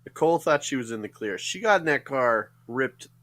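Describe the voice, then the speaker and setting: Pria bercanda santai di podcast. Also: male voice, mid-range voice, lively intonation, fairly quick, a bit bright. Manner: joking, playful teasing. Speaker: podcast co-host. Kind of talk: casual podcast chat.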